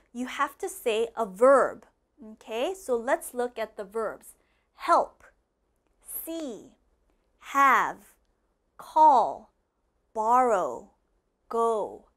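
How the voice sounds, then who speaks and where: A woman teaching English in a slow, patient way. She repeats each phrase and keeps checking in with "okay?". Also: fairly high pitch. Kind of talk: slow classroom explanation. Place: classroom with a board.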